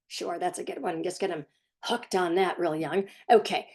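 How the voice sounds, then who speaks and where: A woman parent coach talking casually to the camera in a sarcastic, animated way, sometimes laughing as she speaks. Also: on the low side, moderate pace. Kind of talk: casual vlog commentary.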